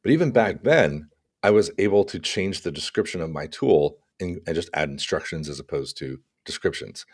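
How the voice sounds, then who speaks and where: A man co-hosting a casual tech podcast, talking through examples in an animated way with acted-out asides. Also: low-pitched, normal speed, husky. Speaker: podcast co-host.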